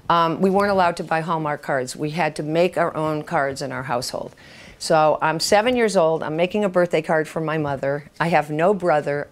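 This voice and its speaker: A woman in her seventies, a writing teacher telling candid stories to an audience, swearing freely and acting out the voices of people in her stories. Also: low-pitched. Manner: acts out quoted voices. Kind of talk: storytelling talk to an audience.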